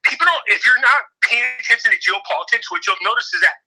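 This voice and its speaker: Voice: medium pitch, lively intonation, fast talker, pushed and bright, poor audio. An older co-host in casual political chat, opinionated and mocking the people being quoted.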